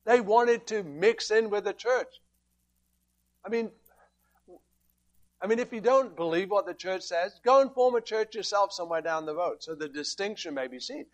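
A man with a high voice preaches a sermon. He is emphatic and steady, often asking rhetorical questions and quoting scripture as he explains his point. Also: normal speed.

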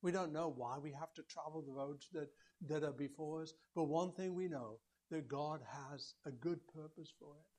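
A man delivers a sermon in a notably high voice. He speaks earnestly, climbing to emphatic peaks and sinking low again. He keeps turning to the congregation with rhetorical questions. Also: normal speed, hardly any pauses, darkish tone. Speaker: preacher.

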